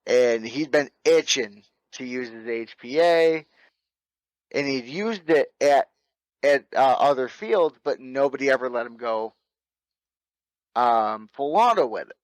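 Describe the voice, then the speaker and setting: A man's voice: mid-range voice, expressive, a little slow, no echo, rough recording. A middle-aged man, an airsoft field owner, telling stories in casual chat, laid-back and swearing freely with laughs. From North Carolina.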